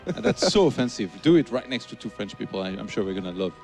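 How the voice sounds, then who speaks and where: A man's voice: on the low side, sing-song, fast talker, a little mellow, soft background music. A man, an esports commentator, chatting casually, teasing and laughing often. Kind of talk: casual chat.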